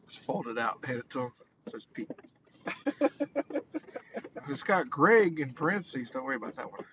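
A man's voice: medium pitch, moderate pace. A man co-hosting a casual podcast, telling stories with lots of energy and acting out other people's lines in raised voices. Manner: animated storyteller, acts out quotes in raised voices. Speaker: podcast co-host. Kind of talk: casual chat. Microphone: phone. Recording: dull lo-fi sound with clear background noise.

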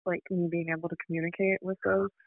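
Gravelly-voiced young woman, relaxed chat. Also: fairly low pitch, fast talker, no echo, narrow, tinny audio. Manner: relaxed, many fillers and likes. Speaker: medium, podcast guest. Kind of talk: casual chat.

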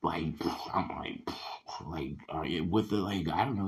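A man ranting in a casual voice message, venting with heavy profanity and many fillers, getting loud and heated at times. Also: low voice, unhurried, slightly rough, muffled recording. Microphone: voice message recording.

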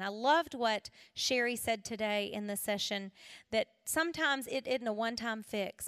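A woman, giving an animated storytelling talk as a Christian conference speaker. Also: mid-range voice, smooth, no room sound, clean studio sound. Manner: animated storyteller who acts out quoted voices.

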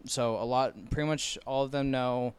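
A young man chats on a podcast in a relaxed way, with dry comebacks. His mid-pitched voice is smooth and clear. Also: moderate pace. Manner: laid-back, dry comebacks. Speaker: podcast co-host. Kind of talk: casual chat.

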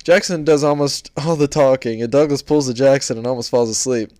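A man's voice: mid-range voice, a little fast, darkish tone, no room sound. Young man rambling on a podcast. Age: young adult. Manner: rambling, laughs through stories. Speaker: podcast co-host. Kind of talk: casual chat.

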